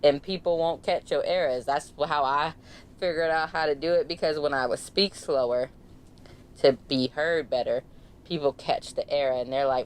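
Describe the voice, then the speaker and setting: A woman with a Bay Area accent, chatting casually as a podcast host, talking fast, dropping her R's and laughing often. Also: sits low, a little hiss or hum. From San Francisco Bay Area. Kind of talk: casual chat.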